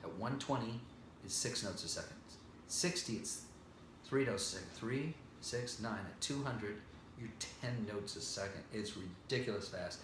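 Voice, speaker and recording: A man's voice: on the low side, normal speed, background noise. Tired vocal coach man in a roomy space. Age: older. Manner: explains then demonstrates scales and sustained sung vowels. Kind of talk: singing lesson with vocal demonstrations.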